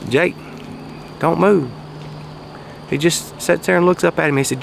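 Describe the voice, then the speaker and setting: Man, folksy casual storyteller, gravelly, outdoors with faint street noise. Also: a little high, a little slow. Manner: folksy, raises his voice for quoted shouts. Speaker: vlogger telling a story. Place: outdoors, quiet spot near traffic.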